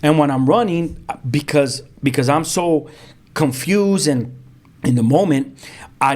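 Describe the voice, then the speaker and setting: A man, a pastor telling his own story as a guest in lively, vivid storytelling with street slang and sound effects. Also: fairly high pitch. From South Central Los Angeles. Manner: frequent restarts, street slang. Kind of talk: animated storytelling.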